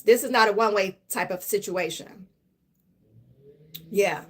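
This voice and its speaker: A woman's voice: medium pitch, fairly bright tone. A middle-aged woman hosting a live stream, giving a casual motivational talk in a chatty, emphatic way and laughing often.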